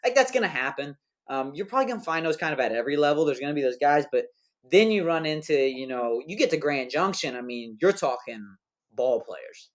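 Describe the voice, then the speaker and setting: A man's voice: a little high, lively intonation, fast. A man hosting a podcast in casual chat, rambling and slangy, with many fillers and restarts. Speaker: podcast host.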